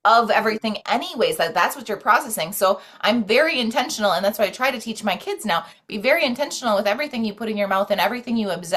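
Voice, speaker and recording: This woman talks fast with few pauses, her fairly high voice expressive and a bit bright. As a podcast guest she discusses self-care and spirituality in casual, earnest conversation, rambling with many "like"s and restarts.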